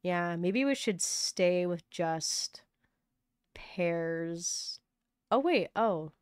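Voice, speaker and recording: Streamer: young woman, casual chatty game commentary, unhurried pace, dry close mic. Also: lowish voice, smooth, dry recording. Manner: chatty, apologetic, easily excited.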